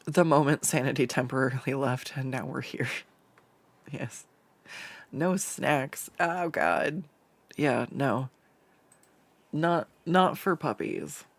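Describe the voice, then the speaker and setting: Speaking slowly with long pauses, a mid-range voice carries this casual drawing-stream chatter from a home desk mic. The artist rambles, swears, and stumbles through restarts, with no room sound.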